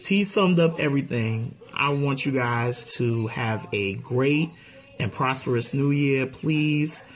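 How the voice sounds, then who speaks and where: A congested man co-hosting a channel, giving viewers a casual new-year message in a slow, drawn-out, excitable way. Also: medium pitch. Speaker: channel co-host.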